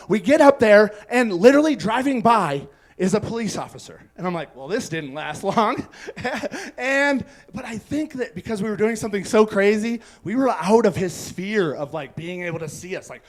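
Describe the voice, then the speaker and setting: A man's voice: sits high, expressive, moderate pace. A man doing stand-up comedy, telling a rambling story on a club stage and laughing at his own lines.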